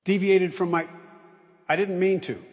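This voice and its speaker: Actor as a panicked skit character, high-pitched, begging, reverberant room. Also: male voice, steady tone, unhurried. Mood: pleading. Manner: frantic, pleading. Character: panicked man trapped in a skit, realizing he's fake.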